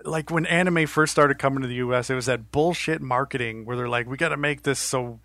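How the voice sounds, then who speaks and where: A man co-hosting a casual podcast, ranting in an exasperated way and swearing freely, with a gravelly voice. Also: mid-range voice, fairly quick, a bit bright, no room sound. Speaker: podcast co-host.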